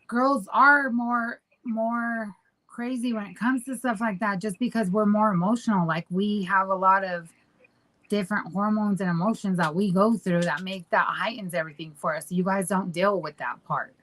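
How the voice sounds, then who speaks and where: A woman's voice: mid-range voice, steady tone, normal speed, a bit bright, rough recording. A woman co-hosting a podcast, talking in a casual, rambling way and teasing her husband. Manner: rambling, teasing, goes back and forth. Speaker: podcast co-host. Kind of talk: casual chat.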